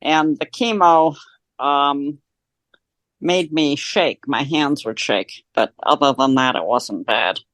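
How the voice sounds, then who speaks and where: A woman guest with a deep, husky voice, chatting candidly and laughing easily on a remote call. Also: slow, a bit bright, no room sound. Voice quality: deep, husky voice changed by throat illness. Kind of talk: casual chat over a remote call.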